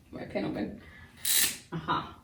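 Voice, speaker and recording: A woman's voice: slow, background noise. Woman homeschool teacher; casual talky delivery full of fillers, recorded from a distance in a reverberant room. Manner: chatty, repeats and restarts, many fillers. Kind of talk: recorded classroom lesson. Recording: roomy echo, voice from a distance.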